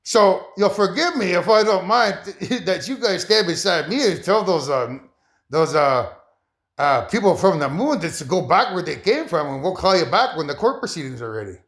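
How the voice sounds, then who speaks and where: A man talks to his viewers in a loose, rambling way, his voice rising and falling a lot. He gets excitable and keeps laughing, his pitch jumping high in bursts. His voice sits a little higher than most men's. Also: normal speed. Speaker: vlogger. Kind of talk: rambling casual monologue to viewers.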